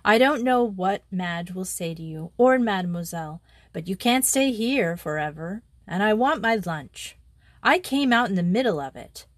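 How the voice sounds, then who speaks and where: A woman reader voicing a brisk, blunt twelve-year-old English schoolgirl who talks firmly and scolds. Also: mid-range voice, animated, no room sound, studio quality, lightly acted. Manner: firm, scolding, no-nonsense.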